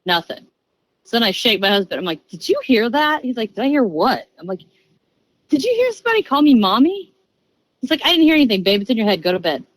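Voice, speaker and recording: A woman in her thirties, a podcast guest telling a story in a casual, chatty way, jumping into quick bursts and acting out the voices she quotes. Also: mid-range voice, dry recording, poor audio. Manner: animated, acts out voices and quoted lines.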